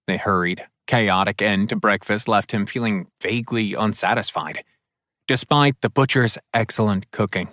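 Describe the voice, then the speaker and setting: A man narrating a fantasy audiobook in a steady, descriptive read. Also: on the low side, normal speed, no echo, clean studio sound. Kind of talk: scripted narration.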